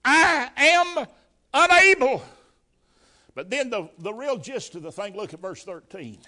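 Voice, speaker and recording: Pastor, male, high and bright voice, folksy animated preacher who acts out scripture. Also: normal speed. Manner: folksy, colloquial. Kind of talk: sermon.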